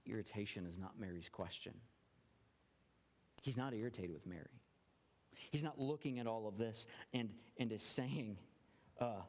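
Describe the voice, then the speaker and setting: A man's voice: lowish voice, moderate pace, pauses often, a little mellow. Earnest man preaching in a reverberant hall. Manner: earnest, repeats words while searching for them. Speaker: pastor. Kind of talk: sermon.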